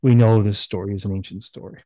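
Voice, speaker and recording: A man giving a seminar lecture, retelling a myth in a lively way and acting out the characters' voices with sudden loud bursts. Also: lowish voice, fast talker, no echo. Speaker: seminar speaker. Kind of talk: animated storytelling lecture. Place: online seminar.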